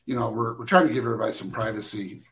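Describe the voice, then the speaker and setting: A man's voice: on the low side, racing, a bit bright, poor audio. A man who works as a camera operator, telling behind-the-scenes stories in a casual interview, rambling with many restarts and fillers.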